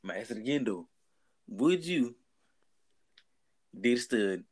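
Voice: mid-range voice, expressive, measured pace, darkish tone, slightly rough. A podcast co-host chatting casually, cutting in with teasing questions. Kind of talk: casual chat.

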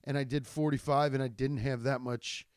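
A man's voice: mid-range voice, steady tone, moderate pace, clean tone, dry recording, clean studio sound. A man, a stand-up comedian, telling rambling, profane stories in a casual chat with many restarts. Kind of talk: casual storytelling podcast.

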